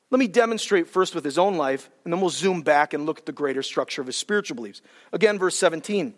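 A male pastor preaching a sermon in a church hall, animated and colloquial as he explains Scripture. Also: sits high, fairly quick. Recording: hall with long reverb.

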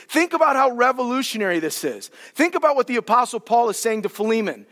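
A male pastor preaching in a church hall, his high voice carried on a long reverb. He talks in an animated, colloquial way as he unpacks Scripture. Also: fast talker, hardly any pauses. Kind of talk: sermon.

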